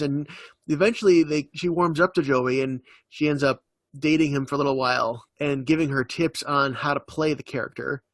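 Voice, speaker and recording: A young man co-hosting a casual podcast, his voice sitting a bit higher than most men's. He rambles loosely through stories with plenty of "like" and "um". The recording is dry and close. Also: a little fast, no echo. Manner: rambling retelling with many fillers. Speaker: podcast co-host. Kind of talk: casual chat.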